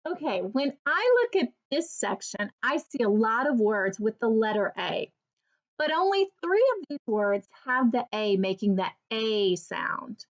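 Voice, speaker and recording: Slow, lively woman teaching reading. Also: a little high, muffled recording. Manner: slow, clearly sounding out each word. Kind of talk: early reading lesson for children.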